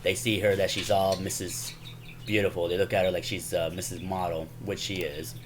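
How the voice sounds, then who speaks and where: A man's voice: deep voice, little pitch movement, moderate pace, slight background noise. A man casually recapping favorite comedy movies on his channel, rambling and chuckling, peppering his talk with "man" and "y'all". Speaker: YouTuber.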